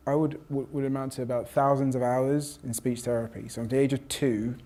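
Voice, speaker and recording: Professor, reflective storyteller, mid-pitched, restarts a lot. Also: male voice, level tone, brisk, warm tone. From South London. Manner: reflective, with frequent restarts and quoted voices. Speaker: professor and panel guest. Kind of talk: personal storytelling in conversation.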